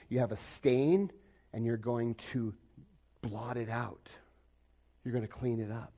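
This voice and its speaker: A man preaching a conversational sermon, jumping from loud emphatic bursts to quiet asides. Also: mid-range voice. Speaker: pastor.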